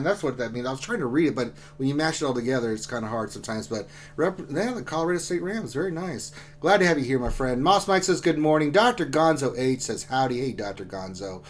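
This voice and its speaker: Joking man hosting a live stream. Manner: loose, joking, swings between loud greetings and low mutters. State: in back pain, drinking. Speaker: livestream host. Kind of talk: casual live-stream chat reading viewer comments.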